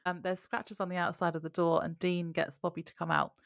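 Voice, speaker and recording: Woman co-host, gravelly lowish voice, casual recap read from notes. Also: flat delivery, brisk, no room sound, studio quality. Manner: reads plot notes aloud in a conversational way. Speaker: podcast co-host.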